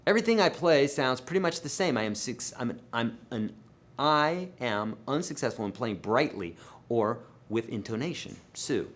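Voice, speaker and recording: This man runs a live Q&A about guitar, fielding viewer questions in a relaxed but emphatic way and addressing the audience like friends. He's animated, with big shifts in volume and pitch, and keeps a moderate pace.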